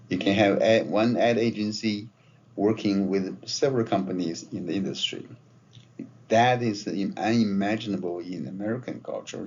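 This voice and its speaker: A man's voice: sits low, darkish tone. A man giving a conversational marketing lecture, often checking in with his listeners. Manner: conversational, often tags phrases with "right?" and "okay?". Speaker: marketing professor. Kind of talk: classroom lecture. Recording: dull lo-fi lecture recording with faint noise.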